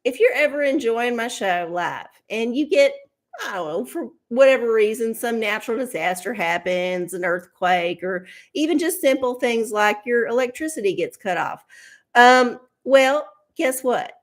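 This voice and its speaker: A woman's voice: a little high, animated, normal speed. Chatty, cussing woman streamer. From Texas. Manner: chatty, swears freely, laughs often. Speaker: host of a live tarot and oracle stream. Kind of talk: casual live-stream chat. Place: home streaming setup with studio lights.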